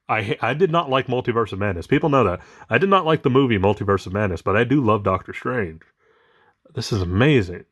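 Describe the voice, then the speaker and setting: A man's voice: lowish voice, a bit bright. A man chatting casually while unboxing collectible toys, rambling with many fillers, his voice shaky with emotion. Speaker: toy collector vlogger.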